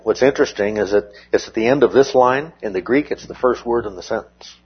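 A man teaching a verse-by-verse Bible study lesson in a measured, explanatory way, often checking in with his listeners. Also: medium pitch, slightly rough, muffled recording.

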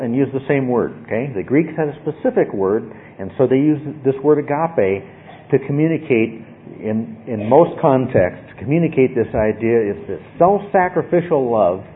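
A man's voice: medium pitch, slight background noise. A man teaching a Bible study lesson in a conversational way, often checking in with his listeners by asking "okay?". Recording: tinny phone-like line.

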